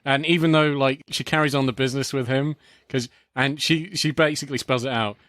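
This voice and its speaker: A man co-hosting a podcast, chatting casually about a film, halting often with restarts and short laughs. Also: mid-range voice, steady tone, a bit bright, no room sound, clean studio sound. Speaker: podcast co-host.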